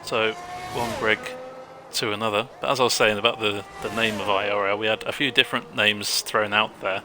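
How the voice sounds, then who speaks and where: A man's voice: lowish voice, steady tone, fairly quick, noisy background. A man co-commentating a live sim race, chatty and joking between calls.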